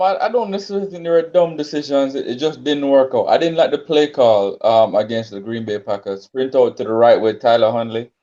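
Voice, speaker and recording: A man's voice: medium pitch, dark tone, dull audio. A man co-hosting a casual sports talk show, laid-back and hesitant, with frequent ums and restarts. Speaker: sports podcast co-host.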